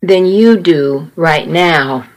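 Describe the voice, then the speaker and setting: Lady voicing a calm guy murmuring soft and slow. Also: low-pitched, pitched below the performer's own voice, low-quality recording. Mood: gentle. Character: calm grown man, a gentle friend. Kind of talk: audiobook character reading.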